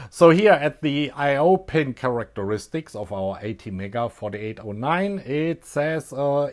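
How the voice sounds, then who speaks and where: A man with a German accent explaining an electronics experiment in a relaxed, thinking-aloud way, with many pauses and fillers. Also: medium pitch. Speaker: electronics hobbyist host. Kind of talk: casual technical explanation.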